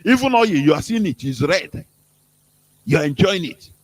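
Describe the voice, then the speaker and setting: A man's voice: high-pitched, expressive, normal speed, no echo. A man with a Nigerian accent, hosting a radio talk and making his points in an emphatic, preachy way, with laughs between them. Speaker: radio host.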